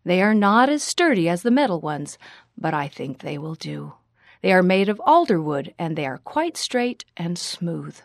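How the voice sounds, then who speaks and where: A woman reading the part of a kind pioneer father in a storybook, gentle and reassuring. The voice stays close to the reader's own. The sound is dry and close to the mic. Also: on the low side, very animated, moderate pace, no echo.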